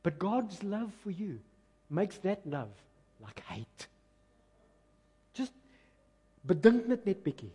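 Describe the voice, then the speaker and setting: Man, preacher, emphatic sermon, animated pitch, long hall reverb. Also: husky. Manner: passionate, emphatic, swings from loud to quiet.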